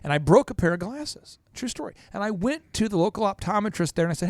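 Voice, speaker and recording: Male podcast host, high voice, very animated, energetic salesy storytelling, dry close sound. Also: quick pace, few pauses, no echo. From Minnesota. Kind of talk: business podcast banter.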